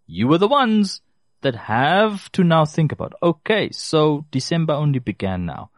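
A man gives casual shopping advice, stressing his points by saying them twice. His pitch rises and falls a lot as he talks. The sound is dry and close, with no room echo. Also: sing-song, a little slow. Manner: emphatic, repeats key phrases for stress. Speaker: consumer advice presenter. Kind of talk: casual advice talk to listeners.

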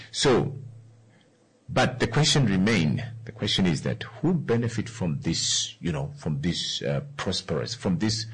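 A man's voice: sits low, husky, low-quality recording. A man from Namibia hosting a talk show, giving solo commentary to his listeners and repeating his key points with questions. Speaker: radio or podcast host.

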